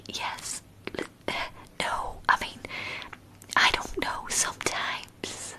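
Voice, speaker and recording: A woman doing a secretive young woman in a whispered role-play, full of soft shushing and urgent pleas. Her whisper is airy and very slow, never rising above a hush. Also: full character voice. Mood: troubled. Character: secretive young woman who cries diamonds.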